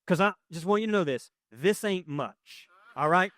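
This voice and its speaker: Male pastor, forties, lively conversational preacher with jokes at his own expense; fairly high voice, dry close sound. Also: normal speed, dry recording. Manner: animated, conversational, self-deprecating humor. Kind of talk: sermon with personal storytelling.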